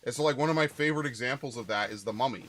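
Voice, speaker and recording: A man's voice: mid-range voice, racing. A young man rambling casually over gameplay, chatty and swearing offhand. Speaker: gaming channel host.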